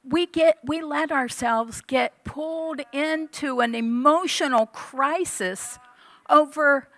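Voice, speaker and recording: Woman, fifties, sermon storytelling, animated, slightly high voice. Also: takes it slowly, dry recording. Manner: animated storytelling, acting out her own past lines. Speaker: church speaker. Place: church hall.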